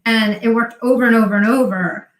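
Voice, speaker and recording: A woman's voice: on the high side, steady tone, fairly quick. Middle-aged woman telling a story in an echoey room. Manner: acts out remembered dialogue in quoted voices. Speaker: guest, online seller. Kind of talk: storytelling interview talk.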